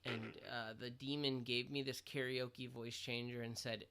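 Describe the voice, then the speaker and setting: A man co-hosting a podcast, rambling through an absurd deadpan mock apology. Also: medium pitch, measured pace, clean tone. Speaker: podcast co-host. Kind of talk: absurd comedy monologue.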